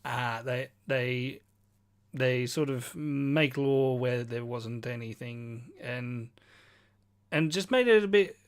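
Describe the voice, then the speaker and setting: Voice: mid-range voice, slow. A podcast co-host in casual pop-culture chat, dropping dry joking asides.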